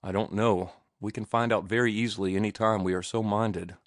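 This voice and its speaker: A man's voice: on the low side, fairly even intonation, a little fast, dry recording, studio quality, close to an everyday voice. A man voicing an ardent young sailor in love. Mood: ardent, tender. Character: ardent young sailor-turned-writer, passionate.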